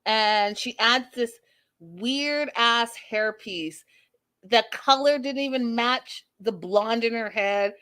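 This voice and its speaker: A woman hosting a casual recap show in a fairly high voice. She talks bluntly and sassily and swears freely. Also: takes it slowly, bright, forceful tone. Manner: blunt, sassy, profane. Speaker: host.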